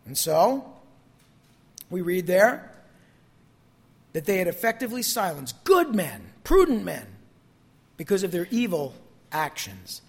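A man preaching a sermon, reading scripture expressively and explaining it, his voice lifting on quoted verses and dropping low on conclusions. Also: huge pitch swings, a little slow, pauses often, breathy edge. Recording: long reverb in a large hall.

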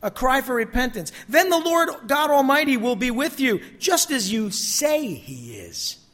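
A man preaching a sermon, reading scripture expressively and explaining it, his voice lifting on quoted verses and dropping low on conclusions. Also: big pitch swings, unhurried, fairly bright tone. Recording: long reverb in a large hall.

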